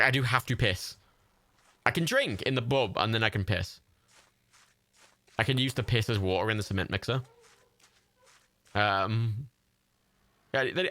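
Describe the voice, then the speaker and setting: A man giving sweary, excitable, rambling commentary while streaming a game live. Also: lowish voice.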